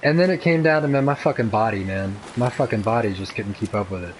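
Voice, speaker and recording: A man's voice: fairly low pitch, fast, heavy background noise. Laid-back, cursing young man. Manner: laid-back, profane, rambling. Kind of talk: casual chat while gaming.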